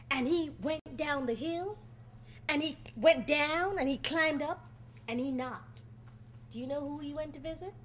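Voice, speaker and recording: Storyteller, woman, very high and swooping voice, dramatic, chats with the audience. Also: a bit bright, slight background noise. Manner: dramatic, playful, talks directly to the audience. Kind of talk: live folk storytelling performance. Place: college event before a live audience.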